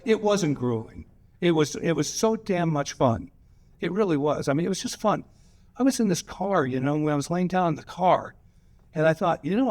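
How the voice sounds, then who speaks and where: An older man, a guest actor at a screening Q&A, telling loose, profane, laughing anecdotes on a cinema stage. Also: on the high side. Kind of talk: rambling anecdotal storytelling. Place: cinema stage before a live audience.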